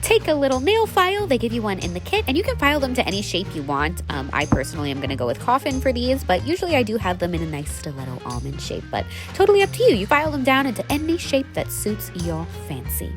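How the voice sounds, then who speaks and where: Young woman vlogger, bubbly and self-mocking, with a lively, swooping voice. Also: a little high, quick pace, hardly any pauses, over music. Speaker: beauty vlogger. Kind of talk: casual tutorial chat with voice-over. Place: outdoors outside her apartment.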